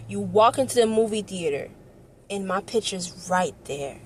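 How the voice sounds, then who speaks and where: In an emotional personal vlog, a young woman speaks with earnest passion, circling back to the same points and sometimes tearing up. Her medium-pitched voice has lively intonation and normal speed, with slight background noise.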